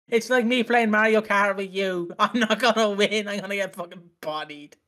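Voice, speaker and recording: A man's voice: high voice, normal speed, fairly bright tone. Giggly joking young man. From Britain. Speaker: podcast co-host. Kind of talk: casual chat.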